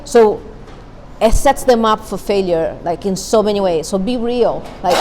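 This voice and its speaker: A woman's voice: mid-range voice, normal speed, darkish tone, a little hiss or hum, poor audio. A woman therapist giving an earnest, candid talk to a parent support group, repeating her key points. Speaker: guest speaker, therapist. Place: meeting room.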